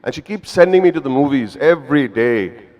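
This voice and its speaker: Man, 50s, Indian English accent, mid-pitched voice, playful storytelling, long hall reverb. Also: animated, brisk, darkish tone, muffled recording. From Mumbai, India. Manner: playful, self-deprecating, chatty. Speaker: actor speaking at an evening event. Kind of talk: humorous storytelling to a live audience. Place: event hall before an audience.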